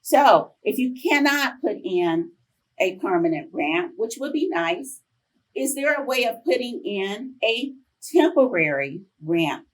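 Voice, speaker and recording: Woman in her fifties, conference presenter, husky voice, animated storyteller, heard from a distance. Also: on the high side, slow pace. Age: 50s. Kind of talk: conference talk with personal stories. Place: conference room.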